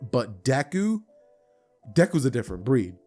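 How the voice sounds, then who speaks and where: A man's voice: medium pitch, a little slow, soft background music. Slangy, chatty young man storyteller. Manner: slangy, chatty, animated retelling. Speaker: anime fan storyteller. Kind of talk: casual storytelling.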